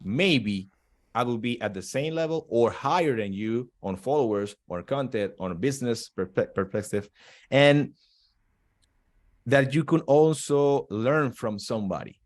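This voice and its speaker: A man's voice: mid-range voice, lively intonation, measured pace. Guy on a podcast, medium voice, earnest, lots of restarts. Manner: earnest, restarts phrases as he searches for words. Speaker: podcast guest, kettlebell instructor. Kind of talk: casual podcast chat.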